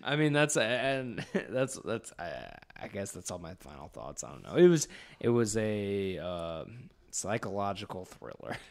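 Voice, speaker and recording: This young podcast co-host rambles casually through a movie plot, swearing and acting out scenes while laughing. He has a lowish, sing-song voice at a moderate pace.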